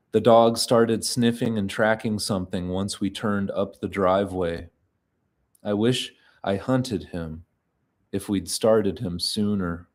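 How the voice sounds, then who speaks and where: Man, deep low voice, unhurried, reading a literary story aloud, quiet and measured. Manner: slow, measured, quiet delivery with frequent pauses. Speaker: reader of literary fiction. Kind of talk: literary reading, first-person narration.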